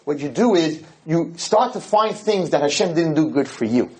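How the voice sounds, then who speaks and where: Animated storytelling rabbi, man. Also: a little high, moderate pace, rough recording. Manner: animated, acts out dialogue, sprinkles in Hebrew and Yiddish terms. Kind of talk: storytelling lecture to an audience.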